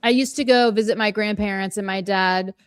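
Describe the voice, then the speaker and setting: A woman's voice: medium pitch, fairly even intonation, fairly quick, clean tone, no room sound, studio quality. A woman co-hosting a live fan stream, gushing and chatty, laughing often between points. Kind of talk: casual live-stream chat.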